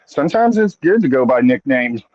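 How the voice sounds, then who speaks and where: Guest: mid-pitched man, matter-of-fact, muffled lo-fi sound. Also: sing-song, a little fast, darkish tone, dry recording. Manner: agreeable, matter-of-fact, explains with legal references. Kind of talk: casual chat.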